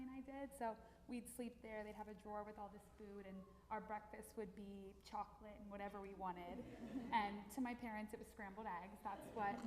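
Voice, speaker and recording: A woman's voice: mid-range voice, a little mellow. A young woman, a grandchild, telling fond stories at a memorial service. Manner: fond, storytelling with light laughter. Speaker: grandchild giving a eulogy. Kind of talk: memorial speech. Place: temple sanctuary. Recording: roomy echo, long hall reverb, faint hiss.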